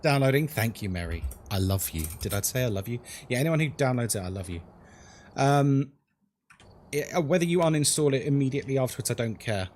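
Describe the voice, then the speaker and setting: A man's voice: mid-range voice, brisk, slight background noise. A man, chatting casually with viewers as a horror game streamer. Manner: chatty, animated, jokey, talks to chat as folks. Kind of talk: casual live-stream chat.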